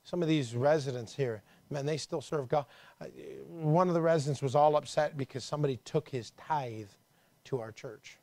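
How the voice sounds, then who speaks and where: A man preaching a conversational sermon to his church, dropping low and quiet, then rising to emphatic calls. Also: normal speed, no echo. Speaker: pastor.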